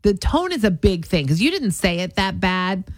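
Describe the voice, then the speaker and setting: A middle-aged woman co-hosting a radio show, chatting in casual banter, animated and quick to laugh. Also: mid-range voice, no echo. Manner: animated, laughing, talks over her partner. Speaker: radio co-host.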